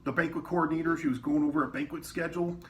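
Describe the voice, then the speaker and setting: A man with a fairly high voice tells loose, rambling stories from his years in a restaurant kitchen. He swears a lot and keeps breaking into other people's lines. The mic sits some way off and picks up a faint hiss. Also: steady tone, rapid-fire. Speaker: former cook telling work stories. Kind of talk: casual storytelling. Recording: distant mic with faint background noise.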